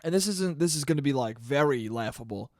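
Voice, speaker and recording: A young man hosting a solo podcast, telling stories in a casual, profane, animated way. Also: mid-range voice, fairly quick, dry recording, clean studio sound. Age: young adult. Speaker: podcast host.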